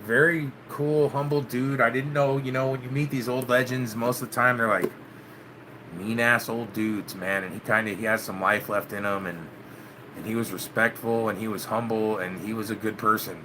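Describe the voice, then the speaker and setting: A man's voice: lowish voice, steady tone, moderate pace, noisy background. A man hosting his own channel, chatting casually with viewers, loose and laid-back, dropping "man" and swearing often. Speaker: channel host. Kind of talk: casual vlog chat with live viewers.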